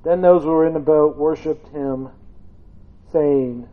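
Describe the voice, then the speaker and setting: A man delivers a relaxed, humorous sermon and mixes family anecdotes with a scripture reading. His voice sits high for a man. The recording is narrow and tinny, like a phone line. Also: measured pace. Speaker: preacher. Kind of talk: conversational sermon.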